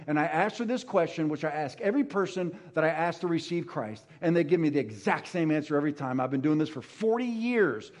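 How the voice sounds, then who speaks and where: A middle-aged male pastor preaching a sermon, swinging from soft hushed words to loud emphatic ones. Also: a little high.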